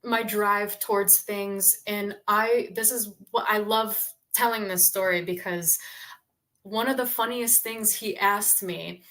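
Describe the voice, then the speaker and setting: A woman's voice: mid-range voice, takes it slowly. Chatty young woman telling a story. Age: 20s. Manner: animated storyteller, chatty with frequent fillers. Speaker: podcast guest, tradeswoman. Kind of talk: casual interview storytelling.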